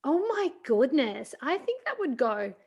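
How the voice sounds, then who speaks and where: High-voiced woman hosting a comedy stream. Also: very animated, measured pace, gravelly, lo-fi sound, background noise. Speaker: host.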